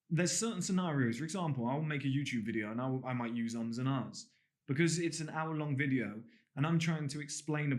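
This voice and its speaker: A man with a posh English accent, originally from the English countryside, coaching a course on camera in a blunt, emphatic way and swearing freely. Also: medium pitch. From England (Gloucestershire). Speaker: dating and body language coach. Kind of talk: direct-to-camera course talk.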